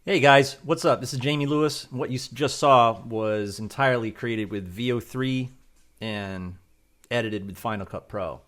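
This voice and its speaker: A man's voice: medium pitch, moderate pace, a bit bright. A man, a video creator, casually walks through how he wrote his prompts, rambling and checking in often. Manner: loose and rambling, tags lines with "right?". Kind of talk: casual tutorial talk.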